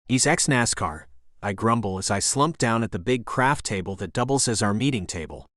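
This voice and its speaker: A man reading a first-person romance audiobook in a steady, even narration. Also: fairly low pitch, normal speed, no echo, studio quality.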